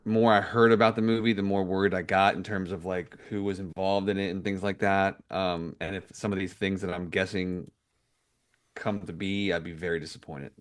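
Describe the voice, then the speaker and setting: A male podcast co-host speaks in casual chat, hesitant and measured, often doubling back on his words. His voice is low and deep. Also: clear, resonant tone.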